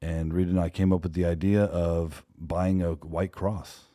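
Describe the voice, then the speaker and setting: A man's voice: low-pitched, level tone, a little slow, dark tone. A man who co-owns a security company, telling a story in conversation and acting out the dialogue of the people in it.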